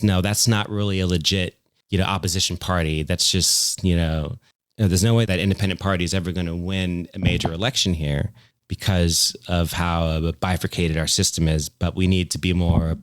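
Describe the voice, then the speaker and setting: A man's voice: low voice, smooth, dry recording, studio quality. A man, a music producer guest on a podcast, talking casually and rambling with many fillers and restarts. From United States. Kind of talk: casual conversational interview.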